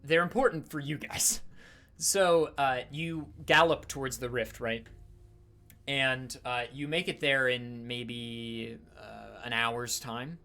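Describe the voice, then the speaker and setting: A man's voice: medium pitch, fairly even intonation, slow pace, vocal fry, sharp tone. A man narrating a tabletop game as game master, talking casually with lots of fillers. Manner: casual, full of fillers and restarts.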